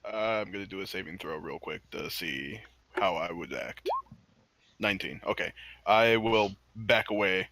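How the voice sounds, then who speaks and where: A man's voice: low-pitched, expressive, moderate pace, pushed and bright. A man playing in a tabletop game, speaking casually and a little hesitantly. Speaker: player.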